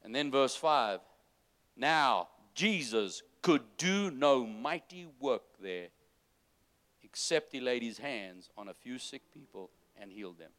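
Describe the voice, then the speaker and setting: A man preaching a sermon, moving between loud, urgent exhortation and soft, low-voiced asides to the congregation. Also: lively intonation, slow pace. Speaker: pastor.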